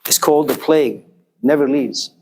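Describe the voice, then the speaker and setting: Man lecturing, fairly high-pitched, chatty storytelling, addresses the class directly. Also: normal speed, warm tone. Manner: conversational, addresses listeners directly; acts out quoted characters with jumps in pitch.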